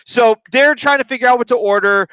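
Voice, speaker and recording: A man's voice: very high-pitched, brisk, a bit bright, clear, resonant tone, dry recording. A man talking as a guest in a casual review chat, teasing and jokey. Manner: teasing, jokey, slips into silly voices. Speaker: podcast guest.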